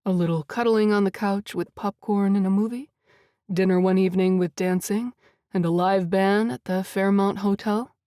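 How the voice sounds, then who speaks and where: A woman's voice: medium pitch, fairly even intonation, moderate pace, mellow, dry recording, studio quality, natural voice. Een vrouw die een zelfverzekerde rijke man speelt. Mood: assured, flirty. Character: confident wealthy man with a deep voice.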